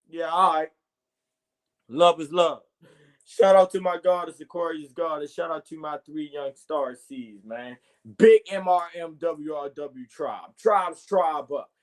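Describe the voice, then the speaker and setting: High-pitched man ranting profanely. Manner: profane, confrontational, preachy; repeats catchphrases, addresses listeners directly. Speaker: podcast host. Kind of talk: solo morning podcast rant.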